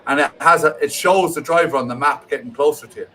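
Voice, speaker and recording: A man chatting casually on a live stream, explaining things plainly in a relaxed, playful way. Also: on the high side, fast talker. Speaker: chat partner on a live stream.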